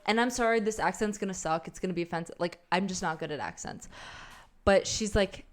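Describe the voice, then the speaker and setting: Profane, animated young woman ranting. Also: mid-range voice, fast. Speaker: podcast co-host. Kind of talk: casual ranting chat.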